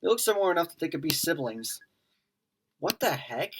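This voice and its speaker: A gaming YouTuber plays through a visual novel in a let's play, voicing the characters' lines in different voices and breaking off to comment. Her voice is low with big pitch swings, and she reacts quickly and laughs often. There's slight background noise.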